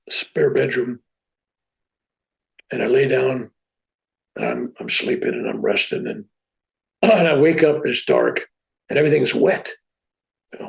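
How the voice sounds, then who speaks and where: Male podcast guest, mid-pitched with a gravelly rasp, relaxed and animated storyteller. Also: rough recording. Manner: animated, with a relaxed plain-spoken delivery. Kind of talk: casual spoken storytelling.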